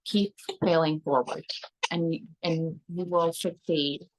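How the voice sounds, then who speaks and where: Low-voiced woman, earnest and rambling, sharing encouragement with her team. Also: steady tone, slow, low-quality recording. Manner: earnest, rambling with fillers and restarts. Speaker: team member sharing at an online meeting. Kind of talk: casual motivational talk.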